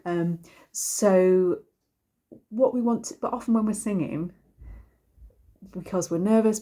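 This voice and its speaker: A woman's voice: on the low side, dark tone. A woman, a singing teacher, giving a casual and rambling lesson to camera with many ums and restarts. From United Kingdom.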